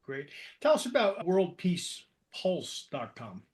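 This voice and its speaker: A man from New Jersey hosting an interview podcast, with a somewhat higher voice. He tells loose, rambling stories and drops self-deprecating asides before getting to his question. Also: sing-song, takes it slowly, darkish tone. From New Jersey, East Coast. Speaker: podcast host. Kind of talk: casual interview conversation.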